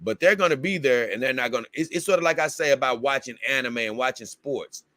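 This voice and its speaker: A man's voice: medium pitch, fast, bright, forceful tone, no room sound, studio quality. A man hosting a livestream in casual chat, reading viewer comments aloud and rambling, with bursts of exasperated confusion. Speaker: livestream host.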